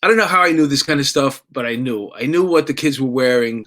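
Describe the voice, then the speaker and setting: A man's voice: medium pitch, lively intonation, fast, a bit bright. New guy telling stories, middle aged, chatty with restarts. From New York. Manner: conversational with laughs and restarts. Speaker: storyteller. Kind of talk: personal storytelling.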